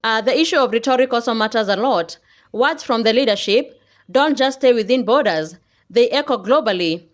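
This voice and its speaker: A woman narrating in a measured, explanatory way. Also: fairly high pitch, expressive. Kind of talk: scripted narration.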